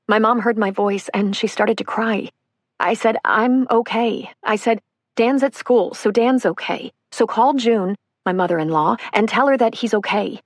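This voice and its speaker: A woman's voice: fairly high pitch, unhurried, no room sound, studio quality. A woman narrating a survivor's first-person account for an audiobook, earnest and emotional.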